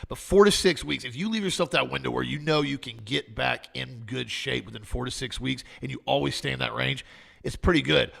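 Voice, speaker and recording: A male co-host tells stories in a casual, conversational way. His voice is bright but husky, with strong vocal fry running through it. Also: mid-range voice. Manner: conversational, anecdotal. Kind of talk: casual talk show banter.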